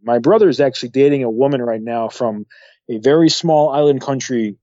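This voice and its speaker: A man's voice: mid-range voice, a little fast, dry recording, highs cut off. A man from upstate New York, a former air traffic controller, chatting as a podcast guest and acting out the voices in his stories. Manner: animated storyteller who acts out quoted voices. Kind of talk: casual conversation.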